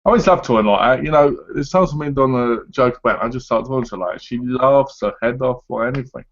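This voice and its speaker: Guy, co-host, jokey and rambling, mid pitch, slightly muffled lo-fi audio. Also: fast. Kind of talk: casual chat. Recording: slightly dull lo-fi sound.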